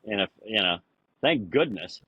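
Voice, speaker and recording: A man in a casual podcast conversation, rambling through anecdotes with lots of "you know" and acting out quoted lines in a higher voice. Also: lively intonation, moderate pace, breathy edge, lo-fi sound. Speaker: podcast guest.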